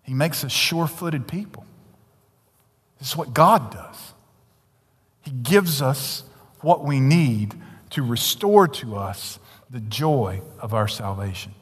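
A male pastor preaching a sermon, swinging between loud emphatic declarations and hushed, near-whispered asides. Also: medium pitch, animated, slow, pauses often, husky. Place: church sanctuary. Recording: long hall reverb, church sanctuary.

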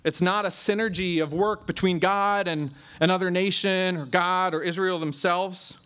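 An emphatic preacher, a man with a fairly high voice. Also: steady tone, a bit bright, clean tone. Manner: emphatic, drawn-out stresses on key words. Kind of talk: expository sermon.

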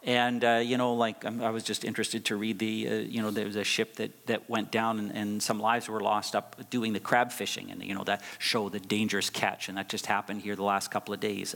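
A middle-aged pastor's sermon, recorded with the lingering reverb of a large hall, leans on emphasis and repetition of key phrases. His voice is fairly low, his delivery brisk, and his tone sharp.

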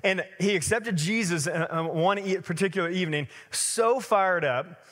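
A man in his thirties preaching a sermon as a pastor, telling stories in a lively conversational way with many fillers. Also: high-pitched, moderate pace, long reverb tail.

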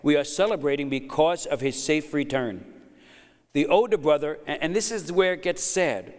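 A man's voice: a little high, moderate pace. A middle-aged man preaching a sermon as pastor, emphatic and repeating words as he builds up. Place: church hall. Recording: long hall reverb.

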